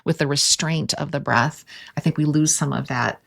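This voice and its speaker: A woman's voice: low-pitched, steady tone, moderate pace, creaky, fairly bright tone, no room sound, studio quality. A woman hosting a yoga podcast, explaining breath and throat anatomy step by step in a casual, teacherly way. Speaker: yoga therapist podcast host.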